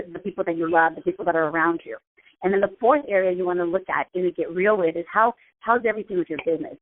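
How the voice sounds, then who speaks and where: A woman's voice: on the low side, slight background noise. Casual woman host on a phone line. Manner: casual, chatty, repeats herself. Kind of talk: motivational talk. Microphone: phone call. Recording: tinny phone-line sound.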